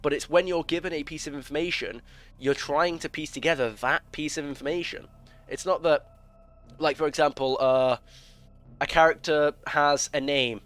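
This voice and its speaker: A man's voice: fairly high pitch, steady tone, normal speed, fairly bright tone. A man giving casual gameplay commentary, rambling and opinionated, full of restarts and filler words. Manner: opinionated, explains at length. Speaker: gaming video creator.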